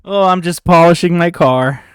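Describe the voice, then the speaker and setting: A man's voice: high voice, normal speed, clean tone, no room sound, clean studio sound. A man hosting an improv comedy show in casual chat, playful, laughing often and swearing lightly, over a voice call.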